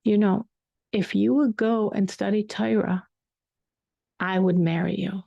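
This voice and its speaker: A woman's voice: mid-range voice, steady tone, a little slow, vocal fry, warm tone, no room sound, highs cut off. A woman voicing a young heiress who firmly encourages a poor shepherd, in her own speaking voice. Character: young rich woman, firm believer in him.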